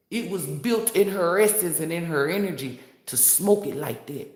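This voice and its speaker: A woman's voice: fairly low pitch, expressive, normal speed, hardly any pauses, darkish tone, roomy sound. Brash, cursing woman tarot reader. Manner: brash, profane, preachy and playful. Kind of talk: casual motivational commentary.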